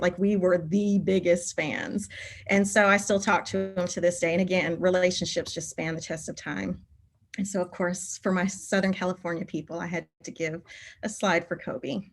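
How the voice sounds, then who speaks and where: A woman's voice: lowish voice, normal speed. A woman telling heartfelt stories at a keynote. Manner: animated, emotional storytelling, voice rising when moved. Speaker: keynote speaker, teacher. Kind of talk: conference keynote storytelling.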